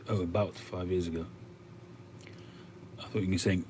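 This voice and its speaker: Male streamer, deep voice, relaxed thinking-aloud chat with viewers, lots of hesitant pauses. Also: slight background noise. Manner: conversational, musing, with frequent hesitations. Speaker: livestream host reading viewer comments. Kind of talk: casual chat.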